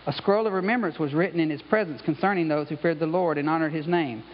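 A man delivers a conversational sermon, sprinkling in "you know" and "okay" as he goes. His voice sits high for a man. The recording sounds dull and carries a long reverb from the church sanctuary. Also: fast talker, slight background noise. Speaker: pastor.

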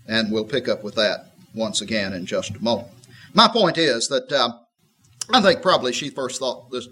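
A man giving a conversational Bible teaching, folksy and reflective, with a husky voice. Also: mid-range voice, sharp tone, low-quality recording. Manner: folksy and reflective, voices the woman with a tart, skeptical edge. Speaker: preacher.

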